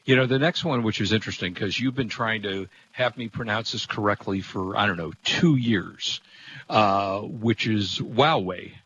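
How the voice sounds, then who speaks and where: A man's voice: on the low side, normal speed, a bit bright. A man hosting a tech talk show in casual chat, easygoing and hesitant, often starting over. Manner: easygoing, hesitant with fillers and restarts. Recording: dull lo-fi sound with faint noise.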